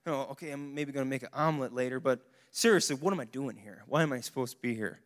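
A young adult man giving a casual, animated sermon to a young adults service, with bursts of exclamation. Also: mid-range voice, fast. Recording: long hall reverb.

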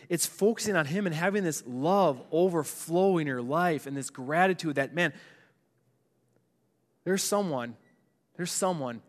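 Male preacher, conversational and earnest, slightly high voice, long hall reverb. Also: a bit bright. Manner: earnest, conversational, many restarts and "like". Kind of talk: sermon.

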